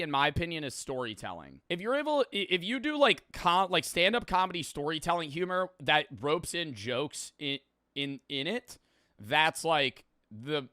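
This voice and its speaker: A man's voice: fairly high pitch, very animated, normal speed, pushed and bright, dry recording, clean studio sound. A young man streaming and reacting to videos, rambling, laughing and swearing casually.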